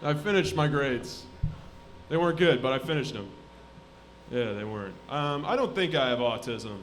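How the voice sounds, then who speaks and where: A man in his twenties doing a live stand-up set in a comedy club, deadpan, muttering asides and then bursting into shouted voices. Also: mid-range voice, moderate pace, a little hiss or hum. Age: 20s.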